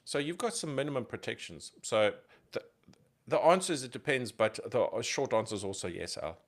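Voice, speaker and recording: A man's voice: medium pitch, expressive, fairly quick. Emphatic man asking rhetorical questions. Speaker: podcast co-host. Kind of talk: conversational tech podcast explanation.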